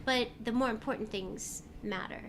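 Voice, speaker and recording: A woman's voice: fairly high pitch, moderate pace, slight background noise. A woman voice actress chatting as an interview guest, telling stories with lots of ums. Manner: chatty, warm storytelling with many fillers. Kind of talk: casual interview chat. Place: convention venue.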